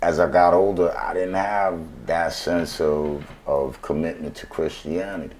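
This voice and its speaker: A man's voice: low voice, steady tone, a little slow, darkish tone, a little hiss or hum. A man tells his story as a guest in a casual interview. He talks in laid-back street slang and keeps checking in with "right?". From New York.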